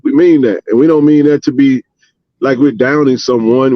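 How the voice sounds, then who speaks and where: A man hosting a live sports chat stream, talking casually and repeating points slowly so the audience catches them. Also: medium pitch, dry recording, lo-fi sound.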